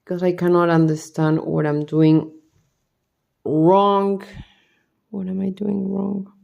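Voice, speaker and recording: A woman's voice: lowish voice, flat delivery, takes it slowly, creaky, lo-fi sound. A tired woman vlogger talking to herself as she builds a model kit, muttering the same questions over and over. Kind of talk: casual talk while building.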